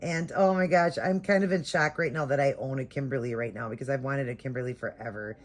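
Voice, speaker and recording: A woman's voice: very deep voice, quick pace. A woman chatting through a casual unboxing vlog at home, gushing and sentimental and close to tears. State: emotional, holding back tears. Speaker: vlogger unboxing a reborn doll. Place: home doll nursery room.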